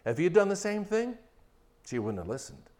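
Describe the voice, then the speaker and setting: An older man preaching a sermon on marriage, swinging from loud mocking quotes to hushed, intimate storytelling. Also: sits high, huge pitch swings, brisk. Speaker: pastor.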